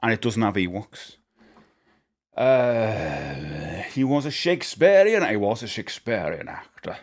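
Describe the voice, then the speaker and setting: A man's voice: fairly low pitch, very animated, a little slow. A man chatting casually on a live stream, rambling and joking, laughing often. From United Kingdom.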